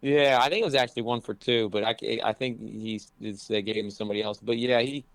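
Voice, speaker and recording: A man's voice: lowish voice, steady tone, quick pace, no room sound. A man who coaches college basketball, talking casually in an interview and rambling with lots of "you know" fillers.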